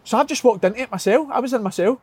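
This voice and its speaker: High-voiced man rambling through a story. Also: racing, a little mellow, husky, no echo. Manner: rambling, laughing, swears. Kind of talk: casual anecdote.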